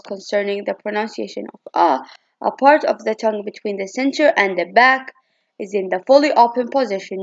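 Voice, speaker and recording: Woman reading a phonetics lesson, lo-fi. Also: a little high. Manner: reads from slides with hesitant restarts and fillers. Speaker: student presenter.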